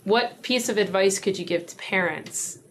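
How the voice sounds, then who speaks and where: A woman's voice: mid-range voice, moderate pace, a little hiss or hum. A woman hosting an interview, who sums up her guest's points and adds brief affirmations. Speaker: host.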